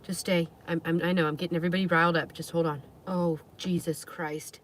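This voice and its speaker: A woman's voice: on the low side, flat delivery, a little fast, a little hiss or hum. A woman live streaming, chatting casually and talking to her dogs, with squeamish outbursts.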